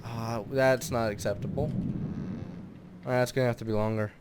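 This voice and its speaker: A man hosting a let's play, muttering his thoughts aloud as he builds and tests, then bursting into excited shouts. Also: medium pitch, normal speed, background noise. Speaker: gaming channel host.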